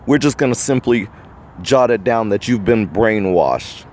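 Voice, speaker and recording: A man's voice: fairly low pitch, expressive, unhurried, darkish tone, a little hiss or hum. An American man hosting a podcast, giving a preachy, indignant opinion monologue to the viewer. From United States. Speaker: podcast host.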